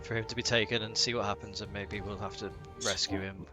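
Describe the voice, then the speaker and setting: A man's voice: lowish voice, little pitch movement, quick pace, music in the background. A man playing in a tabletop game, talking casually and cautiously, reasoning things out and trailing off. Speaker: player.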